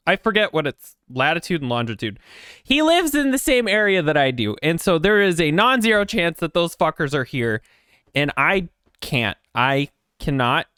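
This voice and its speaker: A man's voice: a little high, a bit bright, smooth, no room sound, studio quality. A man streaming from his apartment desk, chatting in a rambling, jittery way with lots of swearing and self-mockery. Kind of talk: casual chat before a game stream.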